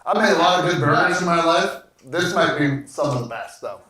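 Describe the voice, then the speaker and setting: A man's voice: a little high, lively intonation, a little fast, bright, forceful tone, very echoey, far from the mic, poor audio. A man co-hosting a home cooking livestream, chatting enthusiastically while tasting food, often trailing off mid-sentence. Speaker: cooking show co-host. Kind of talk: casual livestream chat while eating.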